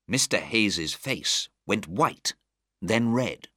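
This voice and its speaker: Slow, lively storybook narrator man. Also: on the low side, no echo, studio quality. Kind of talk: storybook reading.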